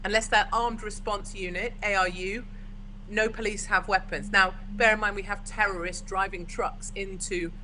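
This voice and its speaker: A woman's voice: mid-range voice, steady tone, moderate pace, pushed and bright, a little hiss or hum, poor audio. A forthright, opinionated English woman from the UK, chatting as a guest in a casual video-call conversation. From United Kingdom.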